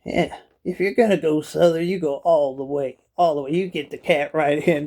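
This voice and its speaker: A man's voice: a little high, normal speed, warm tone. A man vlogging at home in a kitchen chair, talking straight to his viewers in a jokey, rambling way, filmed on a phone. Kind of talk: casual rambling vlog to camera.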